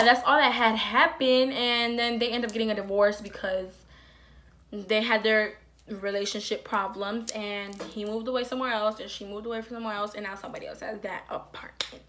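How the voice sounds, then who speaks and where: Young female vlogger, animated storytime delivery, high-ish bright tone. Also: normal speed, a little hiss or hum. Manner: animated, filler-heavy storytelling. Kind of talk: storytime vlog.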